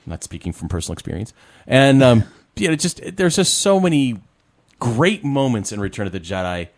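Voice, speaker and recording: A man in casual film chat, talking in a lively, rambling way with lots of "you know". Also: mid-range voice, moderate pace. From Rochester, New York area. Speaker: podcast co-host. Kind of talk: casual chat about films.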